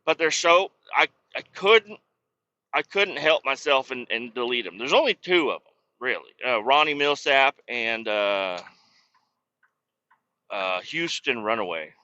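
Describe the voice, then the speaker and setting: A man's voice: mid-range voice, expressive, measured pace, sharp tone, dry recording. A man hosting a podcast, telling a casual, profane, rambling story in a worked-up way. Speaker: podcast host. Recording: dull lo-fi recording.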